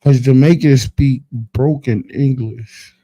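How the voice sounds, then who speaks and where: A man's voice: medium pitch, fairly even intonation, takes it slowly, mellow, low-quality recording. A man co-hosting a casual chat, laid-back and teasing. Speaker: co-host. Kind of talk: casual banter.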